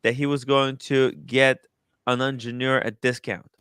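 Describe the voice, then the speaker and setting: An excitable male streamer with a bright, forceful voice, talking in loose, swearing asides. The sound is dry and close, with no room around it. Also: medium pitch, unhurried, smooth, dry recording. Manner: excitable, swears, reacts loudly to a video. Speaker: streamer host. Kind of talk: casual live-stream commentary.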